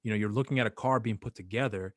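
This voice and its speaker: Guy hosting a podcast, kinda low voice, lots of uh and restarts, dry sound. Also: no echo. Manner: halting, many fillers and restarts. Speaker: podcast host. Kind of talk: casual podcast chat.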